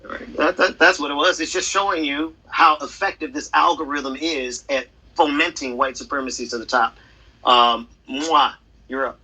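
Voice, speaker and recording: A man hosting an online audio space, relaxed as he hands the floor to speakers. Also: fairly high pitch, moderate pace, slightly rough, poor audio. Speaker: host. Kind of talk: casual discussion.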